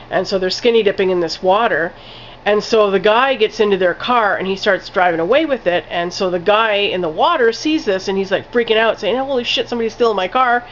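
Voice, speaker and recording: A woman's voice: on the low side, muffled recording, a little hiss or hum. A woman giving a casual spoken film review, rambling with lots of "like" fillers and casual swearing.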